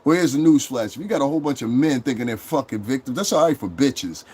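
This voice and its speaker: A man's voice: medium pitch, lively intonation, fast talker, a little mellow, slightly rough. A man delivering a profane, angry, repetitive livestream rant, talking straight to his chat. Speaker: online streamer.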